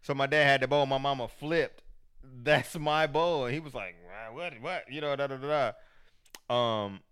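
Smooth-voiced man telling candid stories. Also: medium pitch, steady tone, a little fast, fairly bright tone. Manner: candid, profane, storytelling. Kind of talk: casual chat.

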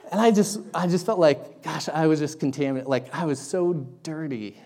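A man preaching a sermon, telling a personal story in an animated, self-deprecating way. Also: on the high side, normal speed. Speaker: pastor.

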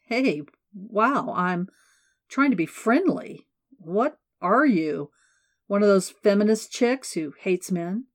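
A woman's voice: mid-range voice, animated, slow pace, no echo, studio quality. A woman voicing a rude, hostile male businessman who taunts and sneers, in an audiobook. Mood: sneering. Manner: sneering, goading, then shrieking.

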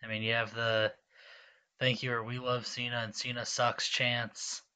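Bright-voiced man in casual chat. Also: medium pitch, little pitch movement, a little slow, clear, resonant tone. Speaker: podcast co-host.

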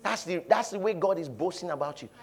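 Man, pastor, high voice, sermon, shouts then hushes, call-and-response. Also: lively intonation, fast. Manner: preaching with swings from shouting to quiet, leading call-and-response.

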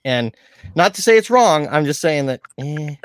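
A man's voice: a little high, animated, normal speed, no echo. A man chatting casually about comedy, thoughtful and rambling. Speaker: aspiring comedian. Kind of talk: casual chat.

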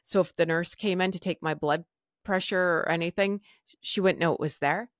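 A woman's voice: fairly low pitch, normal speed, no room sound, studio quality. A woman hosting a podcast, telling a personal story frankly with wry humor and casual swearing. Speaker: podcast host.

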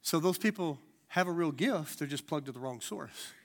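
Male preacher, high-pitched, lively and conversational from the pulpit. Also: normal speed. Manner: animated preaching with folksy asides. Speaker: pastor. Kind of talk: sermon.

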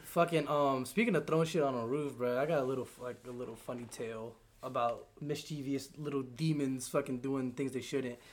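A young man on a podcast, casually telling animated stories and acting out the voices of friends. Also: mid-range voice, brisk, few pauses, a little hiss or hum. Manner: animated storyteller, acts out quotes, laughs a lot. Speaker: podcast co-host. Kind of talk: casual chat.

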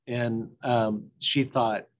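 A man co-hosting a talk show, reflecting in a loose, halting way with restarts. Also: medium pitch, steady tone. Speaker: co-host. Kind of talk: casual chat.

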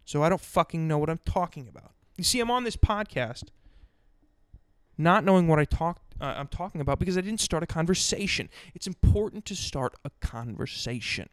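A man's voice: a little high, expressive, brisk, smooth, no room sound. A man hosting a podcast, ranting bluntly and sarcastically, swearing constantly. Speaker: podcast host. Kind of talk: profane ranting monologue.

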